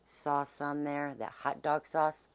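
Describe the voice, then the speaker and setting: A woman's voice: low-pitched, monotone, slow pace, clear, resonant tone. A middle-aged woman, chatting homily as she hosts her cooking vlog and eats along. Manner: homey, chatty, talks while eating. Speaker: cooking channel host. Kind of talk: casual cooking vlog chat.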